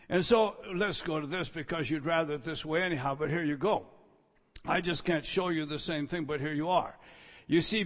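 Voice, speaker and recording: A male preacher delivering a sermon in a fairly high voice. He hammers key words through repetition and moves from quiet asides to forceful emphasis. His voice rings with the long reverb of a large hall. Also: lively intonation, normal speed. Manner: emphatic, repeats key words, swings between soft asides and loud stresses.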